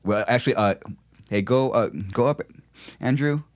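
A man hosting a podcast in casual conversation, jokey and quick to react, often laughing. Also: medium pitch. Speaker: podcast host.

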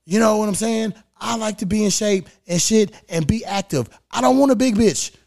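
A man with a slightly higher-than-usual voice rants bluntly and profanely as a podcast host. He sounds frustrated and unfiltered. The sound is dry and close, with no room echo. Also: normal speed, vocal fry, a little mellow. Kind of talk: casual podcast rant. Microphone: stand microphone.

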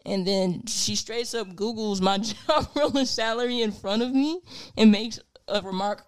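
Sex: woman. Role: podcast co-host. Style: casual chat, reading a post aloud. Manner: playful, laughing, teasing. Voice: medium pitch. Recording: dry, close. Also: normal speed, clean tone, no echo.

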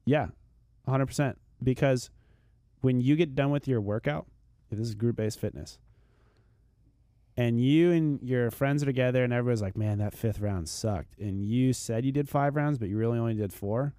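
On this podcast, a male fitness expert speaks at normal speed in a mid-range, dark-toned voice. He's earnest and motivating, frequently repeating words as he launches into an idea, and the audio is studio quality with no echo.

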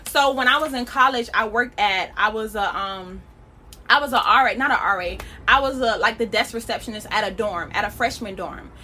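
Young woman preaching on her podcast, high bright voice, lively and slangy, laughs a lot. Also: moderate pace. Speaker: podcast host. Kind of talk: casual preaching.

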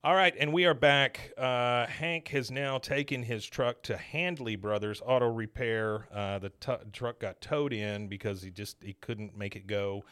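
A man's voice: medium pitch, measured pace, few pauses, a bit bright, smooth. A man hosting a podcast, recapping a cartoon episode in casual chat and laughing often. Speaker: podcast host.

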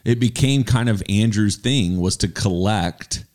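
A man's voice: on the low side, a little slow, a little mellow. A man co-hosting a podcast, recalling past seasons in casual chat. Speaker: podcast co-host.

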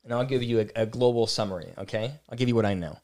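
Man co-hosting a chat podcast, blunt and opinionated, medium pitch. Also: quick pace, a little mellow. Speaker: podcast co-host. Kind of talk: casual chat.

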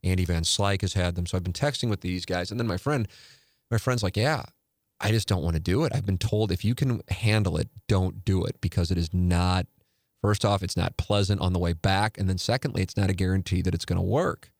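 A man's voice: low voice, fairly quick, a little mellow, dry recording, studio quality. A man in his forties hosting a casual talk show, rambling and restarting sentences with candid, profane asides. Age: 40s. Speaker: podcast host. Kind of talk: casual chat.

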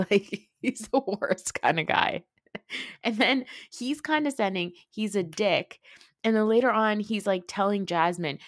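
A woman hosting a podcast, giving a casual, opinionated reality TV recap, swearing freely and mocking people with quick impressions. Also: medium pitch, no echo, studio quality. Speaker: podcast host.

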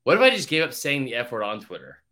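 Young guy on a sports podcast, bright forceful voice, rambles and cusses a lot. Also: mid-range voice, big pitch swings, fast. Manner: rambling, swears a lot, tells stories with quoted voices. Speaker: podcast co-host. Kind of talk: casual sports podcast chat.

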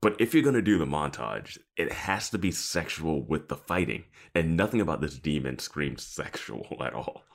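A man's voice: extremely low pitch, big pitch swings, moderate pace, creaky, few pauses. A man co-hosting a podcast, talking casually in a rambling way with lots of fillers. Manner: rambling, filler-heavy, laughs often. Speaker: podcast co-host. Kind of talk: casual chat.

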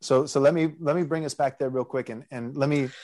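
A man's voice: medium pitch, steady tone, fairly quick, darkish tone. Earnest man, pastor hosting a chat. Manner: thinking aloud, earnest, many restarts. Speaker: pastor and podcast host. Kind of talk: casual theological discussion.

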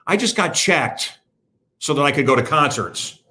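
A man's voice: fairly high pitch, animated, moderate pace, bright, forceful tone. A man putting on a lisping, preachy young male shopper in a comic retelling.

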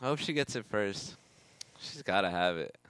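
Very low-voiced woman cracking wry quips. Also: lively intonation, normal speed, a bit bright, smooth, no echo. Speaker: co-host reacting to a movie. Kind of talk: casual movie reaction chat.

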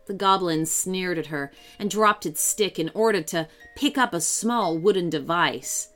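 A woman storyteller giving a scripted narration of a children's story in a lively, expressive way. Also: lowish voice, unhurried, soft background music.

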